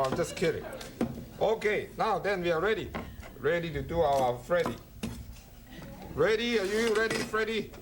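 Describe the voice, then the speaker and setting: Brief: high-pitched, bouncy male cooking host, playful and jokey, clear kitchen clatter. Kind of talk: cooking demonstration. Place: studio kitchen. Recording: kitchen clatter and chopping noise.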